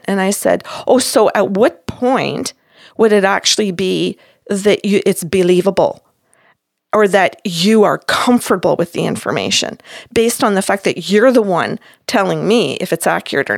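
A woman's voice: mid-range voice, expressive, moderate pace, gravelly, dry recording, studio quality. A woman in her sixties, a counselor, recounting a session by acting out both sides of the conversation firmly and emphatically. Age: 60s. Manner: acts out both sides of a dialogue, firm and emphatic.

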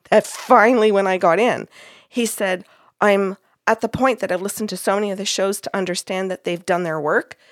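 A woman's voice: mid-range voice, no echo, studio quality. A woman podcast host retelling a session in casual chat, acting out the quoted dialogue.

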